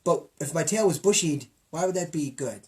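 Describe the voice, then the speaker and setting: A middle-aged man co-hosting a casual comedy podcast, jokey and rambling, jumping from loud bits to low mumbles. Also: lively intonation, normal speed. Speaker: podcast co-host.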